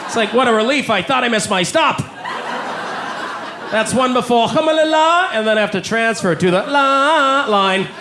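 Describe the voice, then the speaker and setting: A man from Canada performing stand-up in a comedy club, speaking into a handheld mic. His voice sits high for a man and leaps around with lots of animation, and he lands his jokes punchily. A faint hum of ambience sits under his voice. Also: normal speed, roomy sound. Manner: animated, punchy joke delivery.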